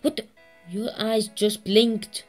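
With a mid-range voice and a slow delivery, a female gaming host runs through excitable let's-play commentary, swearing endlessly and laughing at herself as faint music plays underneath.

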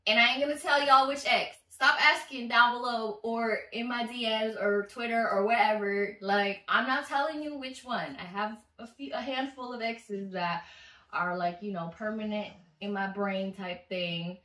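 Woman vlogger, bright and chatty, casual storytelling, slightly off-mic in a roomy space. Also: a little high, moderate pace, recorded from a distance. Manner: chatty, animated, swears freely. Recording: echoey room, voice slightly off-mic.

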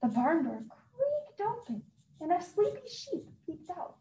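Expressive high-voiced woman reading aloud to children. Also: a little slow. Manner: highly expressive, acting out sound effects. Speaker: youth services librarian. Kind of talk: children's story time read-aloud. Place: library. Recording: echoey room.

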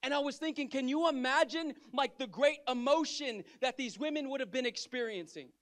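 A man's voice: very high voice, brisk. A male pastor preaching a sermon, telling a story and calling out to the congregation. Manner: lively storytelling with audience call-outs. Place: church sanctuary.

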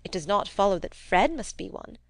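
A woman's voice: mid-range voice, sing-song, a little fast, creaky, no echo. Woman voicing a plain-spoken young lady in a storybook reading, dry and blunt.

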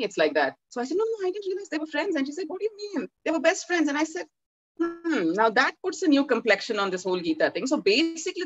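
A woman gives a talk as an author and tells stories by acting out the dialogue in lively quoted voices. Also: a little high, highs cut off. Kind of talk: animated storytelling talk.

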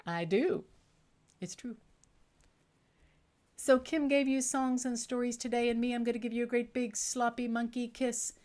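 Woman voicing a chatty, cheeky male monkey puppet pitched a little high, punning and bouncy. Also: steady tone, moderate pace, long pauses, a little mellow, close to an everyday voice. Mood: joking.

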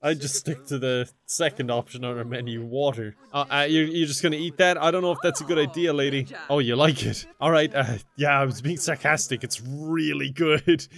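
Brief: young male gaming commentator, slightly high voice, laughs a lot, swears freely, excitable and jokey. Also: fairly quick, hardly any pauses. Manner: talks to game characters in silly mock voices. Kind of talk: casual gameplay commentary.

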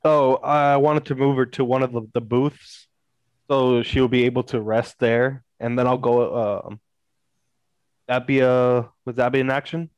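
A man playing a tabletop game, unsure and a little halting as he checks what his character may do. His voice is smooth and resonant, recorded dry with no room sound. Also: medium pitch, steady tone, darkish tone, no echo, dull audio. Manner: hesitant, asks rule questions. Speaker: player. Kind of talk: casual tabletop play.

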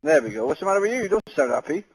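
Loud high-voiced lad gaming. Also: male voice, sing-song, very fast, breathy edge, low-quality recording. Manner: loud, laughing, crude teasing. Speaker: gamer in party chat. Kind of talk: casual gaming banter.

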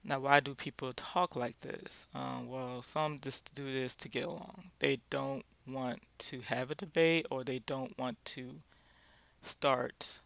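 A man leading a casual Bible study talk, speaking haltingly with many fillers and restarts. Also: medium pitch, fairly even intonation, gravelly, fairly bright tone, no room sound.

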